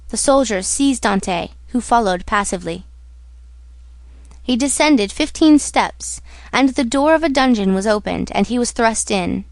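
A woman narrating a classic novel in a measured audiobook reading. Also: a little high, animated, no room sound. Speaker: audiobook reader. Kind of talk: scripted narration.

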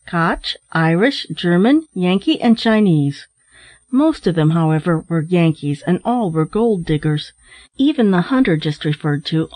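A woman's voice: lowish voice, a little mellow, dry recording. Woman reading a storybook steadily. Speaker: audiobook narrator. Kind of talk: storybook narration.

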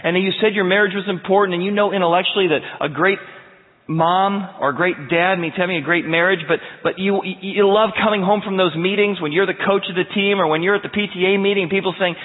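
A man preaching a verse-by-verse sermon in an animated, emphatic storytelling style, heard with a tinny sound in a large hall. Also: high voice, quick pace. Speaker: pastor.

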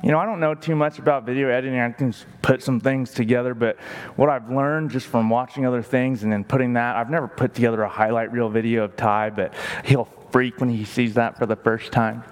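A pastor with a mid-range voice and steady tone preaches briskly and emphatically, stretching words and shifting his pace for stress. The recording carries a long hall reverb.

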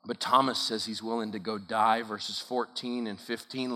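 Bright-voiced man preaching in a hall. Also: lowish voice, fairly even intonation, moderate pace, few pauses. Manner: emphatic, repetitive preaching cadence. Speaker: camp speaker. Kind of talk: sermon. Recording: long hall reverb.

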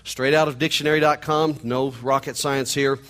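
A man's voice: mid-range voice, little pitch movement, normal speed, a bit bright. A middle-aged man with a nasal Missouri twang preaching a sermon in a conversational, joking way. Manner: conversational, joking asides to the congregation. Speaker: pastor.

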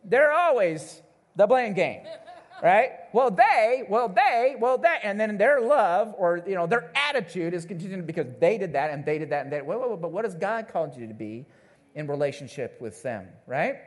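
At a church service, a male pastor delivers a sermon to his congregation in a high-sitting voice at a moderate pace. His conversational, animated style has him calling out to listeners and acting out the people he quotes.

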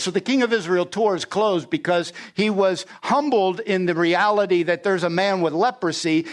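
A man with a slightly raised speaking voice delivers a sermon verse by verse. He retells the story in plain modern slang and keeps pulling the listeners in with questions he answers himself. He sometimes sinks to a hushed, low voice to drive a point home. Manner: expository, paraphrasing scripture in everyday slang; asks the congregation questions and answers them. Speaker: preacher.

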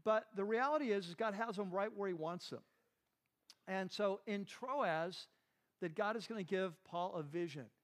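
A man's voice: sits high, moderate pace. A man giving a conversational sermon as a Bible teacher, asking his listeners questions and often saying "like" and "right.". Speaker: pastor teaching a Bible class.

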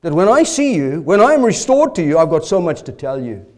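High-voiced earnest male preacher. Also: very animated, a little fast, a little mellow. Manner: earnest, emphatic, rhetorical questions. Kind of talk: expository sermon.

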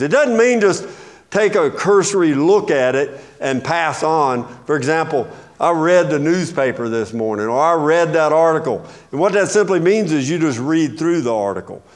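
A man preaching a teaching sermon in a fairly high voice. He leans on key words for emphasis and keeps asking his listeners questions, then answers them himself. He sounds like a pastor walking a congregation through scripture. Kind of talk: expository sermon.

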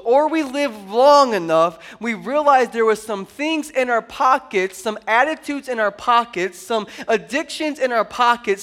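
Male pastor, 30s, lighter high register, lively anecdotal sermon style. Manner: animated storytelling, heavy on "like". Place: church service.

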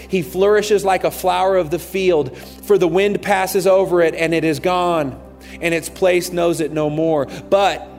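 Fervent preacher in an echoing hall. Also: male voice, a little high, darkish tone. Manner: fervent, preacherly, reads aloud with rising intensity. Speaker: pastor. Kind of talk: sermon reading scripture. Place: large church auditorium. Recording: long hall reverb.

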